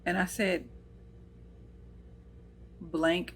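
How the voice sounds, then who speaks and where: In a low, unhurried voice, an American woman on her own channel shares a personal story with earnest emotion, acting out scenes through quoted dialogue.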